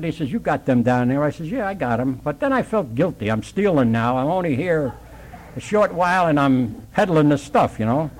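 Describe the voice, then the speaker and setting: Older New working man telling his recovery story, animated and plainspoken. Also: fairly high pitch, normal speed, poor audio. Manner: plainspoken, working-class storyteller acting out dialogue.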